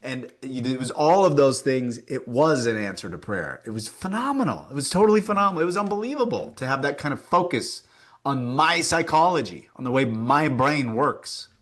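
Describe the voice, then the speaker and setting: A man's voice: medium pitch, moderate pace. A man being interviewed, telling a story with energy and acting out the dialogue he quotes. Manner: animated storyteller who acts out quoted dialogue; frequent fillers and restarts, emphatic. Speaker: interview guest. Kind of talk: casual conversational interview.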